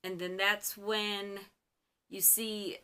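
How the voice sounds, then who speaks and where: A young woman from Michigan hosts her own fan channel, recapping an episode in a casual, gushing way. Her voice sits at a middling pitch and has a bright, forward edge. She chats along like an excited fan. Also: extremely slow, clean tone. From Michigan, US Midwest.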